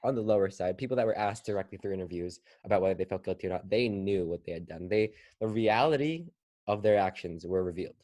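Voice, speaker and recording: A man's voice: deep voice, quick pace, warm tone. A teenage boy co-hosting a casual podcast discussion, rambling through his points with fillers and restarts. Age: teens. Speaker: podcast co-host.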